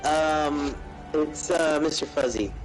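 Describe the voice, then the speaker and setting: A man's voice: on the high side, slow, faint music behind, rough recording. A man, a guest on a game stream, chiming in with easygoing, brief replies. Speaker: guest, fellow gamer. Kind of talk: casual chat during a game stream.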